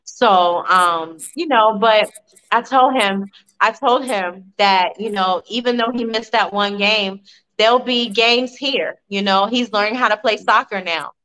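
A woman in her forties from Virginia, a podcast guest and mother, telling family stories in an animated, chatty interview. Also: medium pitch, unhurried, low-quality recording. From Virginia, USA. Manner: animated, warm storytelling with laughs. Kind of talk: casual interview storytelling.

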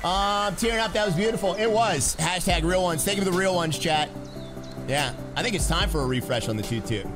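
A man streaming a game live, chatting excitedly with his viewers and laughing often. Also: high-pitched, brisk, music in the background. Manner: excitable, laughing, talks to chat. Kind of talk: live gaming stream chat.

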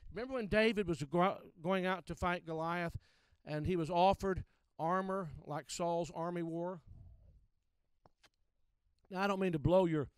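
Emphatic high-voiced male preacher. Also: smooth, no room sound. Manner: emphatic, repeats key phrases, addresses listeners directly. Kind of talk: teaching sermon.

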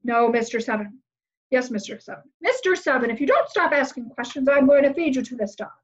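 A woman's voice: on the high side, a little fast, lightly acted. A woman reading aloud, voicing an arrogant, impatient fairy-tale prince who speaks coldly and curtly. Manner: cold, curt and commanding. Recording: slightly muffled lo-fi recording.

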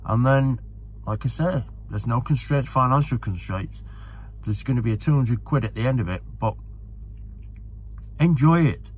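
A man's voice: medium pitch, normal speed, pauses often, breathy edge. A man talking casually to camera, enthusiastic and rambling, often repeating himself as a horse racing tipster.

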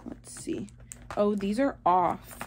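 A woman's voice: medium pitch, slow, slight background noise. A young woman, chatting playfully to the camera in a casual vlog. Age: young adult. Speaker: vlogger.

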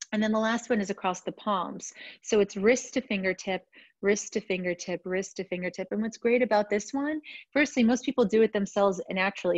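A woman's voice: mid-range voice, dry recording. A woman from New York, a stress coach, casually and frankly teaching self-soothing techniques over a video call. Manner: casual, frank, demonstrates moves while talking. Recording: dry, slightly dull sound.

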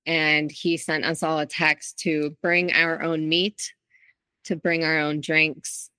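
A woman's voice: low-pitched, level tone, slow, bright, forceful tone, smooth, no room sound. A woman guest in an interview, telling her own story in a candid, reflective way with frequent restarts. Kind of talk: interview, personal account.

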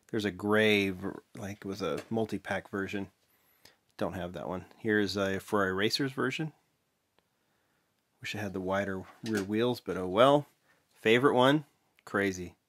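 Casting note: male vlog host, lowish voice, relaxed mumbly delivery, stops to correct himself. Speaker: vlog host, toy car collector. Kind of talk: casual show-and-tell vlog.

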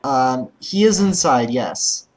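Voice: medium pitch, animated, slow pace. A young adult chatting casually during an online game, playful and giggly. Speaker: gamer. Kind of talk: casual gaming chat.

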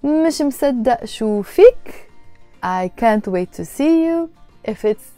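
Woman teaching a language, patient and repetitive, mellow tone, dry close sound. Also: a little high, lively intonation, no room sound, faint music behind. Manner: explains patiently, repeats phrases slowly. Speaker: Arabic teacher. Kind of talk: casual language lesson.

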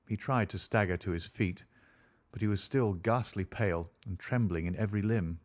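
A man narrates an audiobook in a steady, dramatic style. His voice sits low. He gives each scene careful weight without rushing. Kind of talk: scripted narration.

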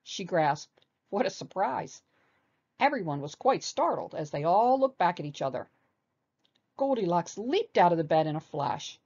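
A woman reading a children's storybook aloud with animated expression. Her voice is low, with lively rises and falls. The recording sounds dull and lo-fi. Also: moderate pace.

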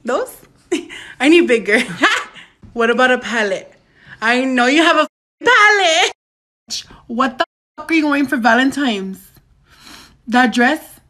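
A man acts out a brash young woman from California who swears and giggles through a comedy sketch. The voice sits high and bright. She drawls slowly, mixed in. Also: animated, exaggerated voice. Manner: loud, crude and giggly, drawling slang.

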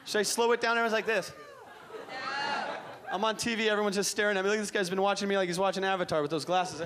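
A man from Iran doing live stand-up comedy as host, energetic, profane and teasing the crowd. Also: high voice, quick pace. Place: comedy club stage. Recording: noisy club with crowd laughter.

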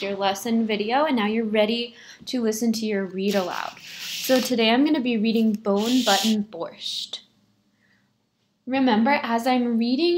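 Teacher woman reading a picture book aloud. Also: on the high side.

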